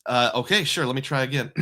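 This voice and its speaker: A man's voice: mid-range voice, animated, moderate pace, sharp tone. A middle-aged man hosting a casual live stream, reading viewer comments aloud and chatting back.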